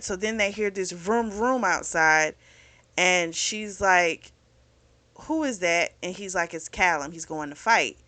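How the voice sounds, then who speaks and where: A woman's voice: on the low side, lively intonation, unhurried, bright, forceful tone, dry recording. A woman hosting a book club channel, casually recapping a novel's plot with quoted dialogue. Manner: chatty, retells scenes with quoted lines.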